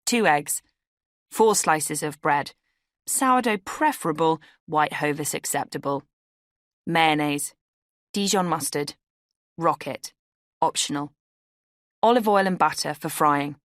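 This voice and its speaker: A woman narrates her own memoir in a wry, conversational way. Her voice sits low. The studio recording is close and dry. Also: expressive, takes it slowly, pauses often, dry recording. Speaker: author reading her memoir. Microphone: studio microphone.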